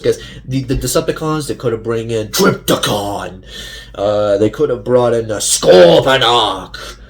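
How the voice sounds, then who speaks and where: A man's voice: mid-range voice, normal speed. A young man ranting casually to camera as a fan vlogger, rambling with many fillers and restarts.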